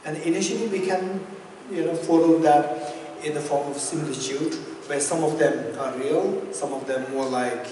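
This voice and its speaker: A man's voice: fairly high pitch, moderate pace, warm tone. Man teaching dharma in an echoey hall. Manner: repeats key phrases while explaining. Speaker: Buddhist teacher. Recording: echoey hall, distant mic, faint noise.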